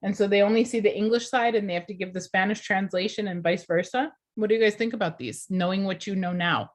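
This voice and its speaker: Woman teaching a class, clear and deliberate. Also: medium pitch, steady tone. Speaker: teacher trainer. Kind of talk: class lecture.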